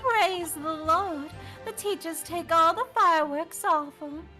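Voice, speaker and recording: A woman doing a scheming young swindler with a Southern twang. She brags about her lies in a very high, bright voice. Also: unhurried, soft background music, exaggerated voice. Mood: sly. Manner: sly, boastful. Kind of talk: reading game dialogue aloud.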